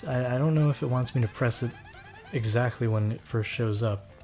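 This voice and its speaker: A man's voice: mid-range voice, normal speed, mellow, soft background music. Wry man commenting over gameplay. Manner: dry, wry asides. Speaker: let's play host.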